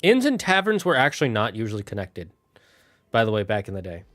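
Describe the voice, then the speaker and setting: A man thinking aloud on a casual solo stream, building out a fantasy town with halting, restarting speech. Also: on the low side, big pitch swings, fairly bright tone, no echo, faint music behind.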